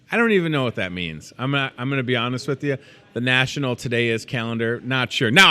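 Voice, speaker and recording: A man with a medium-pitched, bright, forceful voice hosts a store's daily show. He chats casually, joking about food and tossing in playful asides.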